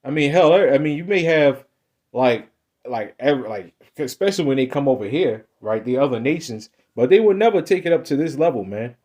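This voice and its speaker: A man's voice: medium pitch, animated, brisk, darkish tone. Emphatic man giving casual Bible teaching. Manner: emphatic, repetitive, ends phrases with "man"; loose, conversational slang and restarts. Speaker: preacher.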